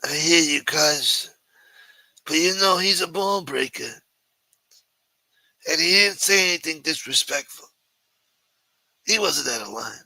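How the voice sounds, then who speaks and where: A man's voice: a little high, lively intonation, measured pace, long pauses, bright, forceful tone, no room sound. A man hosting a livestream, talking in a brash, profane mob boss persona. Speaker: livestream show host.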